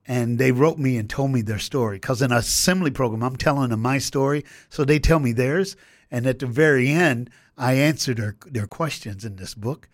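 A man's voice: mid-range voice, dry recording. American guy telling his story on the radio, punchy and emphatic, dry close mic. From United States. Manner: fast, emphatic storytelling with acted-out quotes. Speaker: motivational speaker. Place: radio studio.

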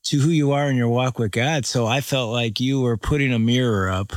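Man, pastor, reflective chat, mid pitch, dry close recording. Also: no room sound. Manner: reflective, slows down to stress points. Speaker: pastor and co-host.

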